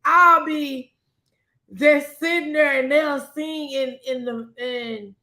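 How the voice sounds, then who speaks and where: A woman's voice: sits high, steady tone, slow pace, pushed and bright, roomy sound. A woman, co-hosting a casual chat and talking in an emotional, rambling way that circles back on itself. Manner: emotional, rambling, repeats herself. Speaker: podcast co-host.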